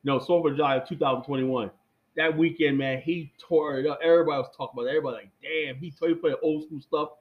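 A middle-aged man, a guest, telling stories in casual chat, rambling and animated, with many fillers and restarts. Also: a little high, fast, phone-quality sound.

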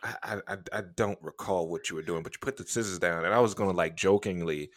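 A man's voice: low voice, quick pace, no echo, clean studio sound. A man co-hosting a podcast, casually telling a funny story, laughing often and acting out what people said. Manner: animated, laughing, acts out quotes. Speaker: podcast co-host.

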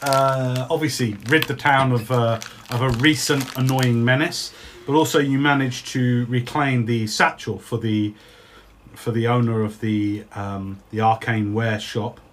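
A father running a tabletop game for his kids, his voice sitting at a middling pitch. He narrates loosely, slips into laughter easily and jokes along, with a faint hiss of noise under the recording. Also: fairly even intonation, a little slow.

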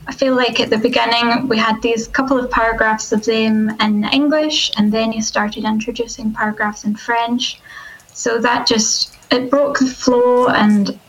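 A woman's voice: fairly high pitch, fairly bright tone, rough recording. A woman giving a thoughtful spoken critique of a book opening, with hesitant fillers as she talks. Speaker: guest reviewer.

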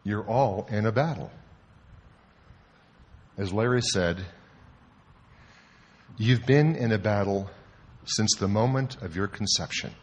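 A man preaching a sermon, telling a story in an animated way and swinging from hushed to loud. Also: on the low side, slow pace, long pauses, husky. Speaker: pastor.

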